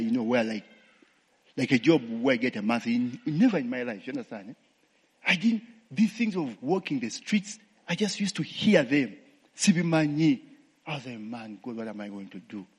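A preacher with a Ugandan accent delivers a testimony sermon, throwing in call-and-response tags like "eh?" and "what?" and laughing to himself. His voice is medium-pitched and husky, and it sounds like a big room.

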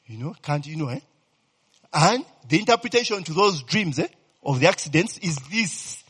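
In an animated sermon, a man with a somewhat high, husky voice preaches with a swinging rhythm and keeps checking "you understand, eh?" to see if listeners follow. His words echo with a long hall reverb.

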